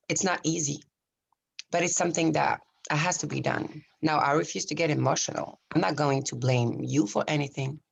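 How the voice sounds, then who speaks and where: A woman playing a young wife calmly ending her marriage, husky and controlled, in an acting class scene. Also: sits low, heavily acted. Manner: flat, controlled, refusing emotion.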